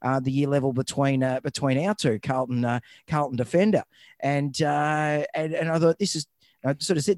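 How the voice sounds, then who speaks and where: A man's voice: fairly high pitch, fairly even intonation, normal speed, darkish tone, no room sound, clean studio sound. An Australian man hosting a casual podcast from home, joking and rambling with many restarts. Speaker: podcast host. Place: home, remote call.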